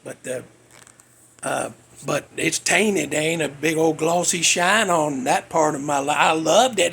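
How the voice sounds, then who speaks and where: A man's voice: sits high, unhurried, gravelly, a bit bright, breathy edge. A man, ranting bluntly in a folksy way as a podcast host. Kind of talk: casual monologue.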